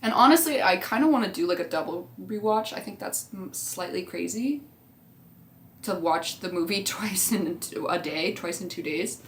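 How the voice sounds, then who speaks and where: A woman's voice: lowish voice, expressive, moderate pace, fairly bright tone, slight background noise. A young woman chatting casually as a vlogger, rambling through tangents and swearing freely. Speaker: movie rewatch vlogger. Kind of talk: casual chat.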